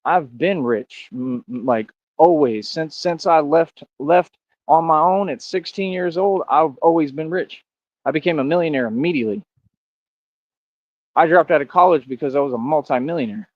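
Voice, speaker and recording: A man's voice: on the high side, moderate pace, dry recording, muffled recording. A man ranting to his chat on a livestream, boastful and confrontational, who keeps calling people bro.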